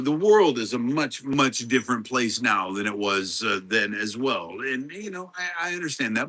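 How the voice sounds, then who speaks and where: A middle-aged man with a high, very bright voice hosts a relaxed live stream. He talks at an unhurried pace, greets his viewers one by one and answers their chat questions. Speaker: livestream host.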